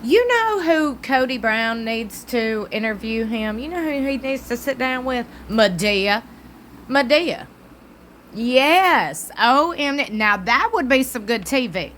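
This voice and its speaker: A woman's voice: on the high side, lively intonation, slow pace, a bit bright, a little hiss or hum. A woman with a Southern US accent giving blunt, mocking commentary as a vlogger. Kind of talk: opinionated commentary.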